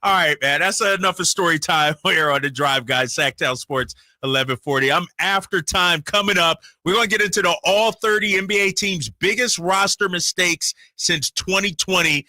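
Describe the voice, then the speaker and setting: Male radio host, bright and forceful, dry studio sound, animated storyteller. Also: high voice, moderate pace, few pauses, no room sound. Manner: animated storyteller, acts out quotes. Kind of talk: casual sports talk and storytelling.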